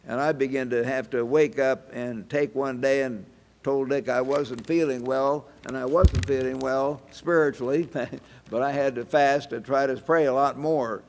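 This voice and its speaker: A man in his eighties preaching a sermon, telling folksy anecdotes with chuckles. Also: mid-range voice. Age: 80s. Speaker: church evangelist preaching. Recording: reverberant hall sound.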